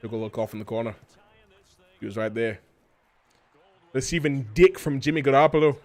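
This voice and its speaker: A man doing a put-on Scottish accent as a crude, shouting pub regular. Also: mid-range voice, a little fast, natural voice. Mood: bellowing crude. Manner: loud, bellowing insults.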